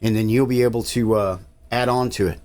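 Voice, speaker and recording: A man's voice: mid-range voice, fairly even intonation, brisk, darkish tone. A man, narrating a casual tech tutorial in an easygoing, rambling way with frequent uhs. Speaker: tech channel host.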